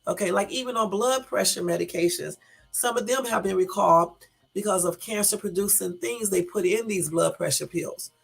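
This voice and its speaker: A woman's voice: mid-range voice, moderate pace, creaky, breathy edge. A woman hosting a casual live stream, reading out news and talking straight to her viewers with emphatic, exasperated asides. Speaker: YouTube live-stream host. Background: faint background music.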